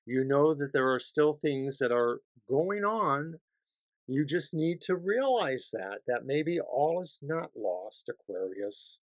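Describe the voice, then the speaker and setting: A man giving a weekly tarot reading sign by sign, chatty, swinging from hushed to excited. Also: mid-range voice, dry recording. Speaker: tarot reader.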